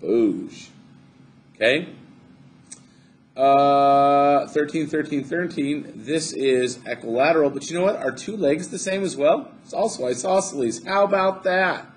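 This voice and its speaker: A man with a fairly high voice teaches a recorded math lesson at a measured pace. He's chatty and upbeat, cracking jokes to himself as he draws on the screen.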